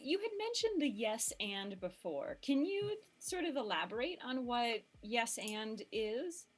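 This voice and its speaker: Lively, animated woman host. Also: fairly high pitch, measured pace. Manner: animated, laughs as she talks. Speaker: podcast host. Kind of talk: casual podcast interview.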